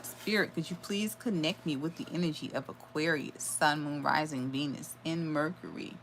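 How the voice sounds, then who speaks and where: A woman's voice: deep voice, normal speed, a bit bright, slight background noise. A woman giving a live tarot reading, channeling messages aloud with sudden exclamations and blunt swearing. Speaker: tarot reader.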